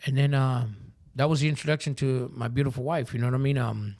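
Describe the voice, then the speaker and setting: A man's voice: medium pitch, fairly even intonation, quick pace, a little mellow. A man who is a podcast guest telling his recovery story with candor. He talks in profane street slang and keeps asking "you know what I mean.".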